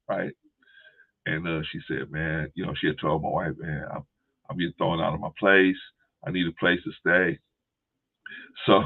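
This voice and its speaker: A man co-hosting a casual chat, telling a story animatedly and mimicking other people in a high voice. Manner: animated, acts out quotes in a high voice. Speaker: co-host. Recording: tinny phone-line sound.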